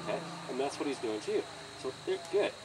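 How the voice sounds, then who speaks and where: A man training a horse outdoors by a trailer, coaching a student in an encouraging, animated way and often laughing. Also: medium pitch, fast. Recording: distant outdoor mic with insect noise.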